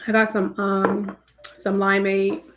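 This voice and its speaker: A woman's voice: medium pitch, monotone, slow, slight background noise. A woman hosting a live stream, greeting her viewers by name in a casual, chatty way. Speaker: livestream host.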